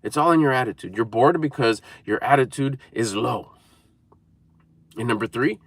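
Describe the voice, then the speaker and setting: A man's voice: medium pitch, expressive, moderate pace, a bit bright, dry recording. A man giving an emphatic, repetitive motivational talk to camera, coaching viewers. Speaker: motivational speaker.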